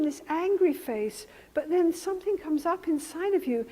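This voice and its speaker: High-voiced woman lecturing in a hall. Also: moderate pace. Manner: animated, acts out both partners' lines. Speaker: therapist giving a workshop. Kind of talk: teaching lecture with re-enacted session dialogue. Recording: reverberant hall.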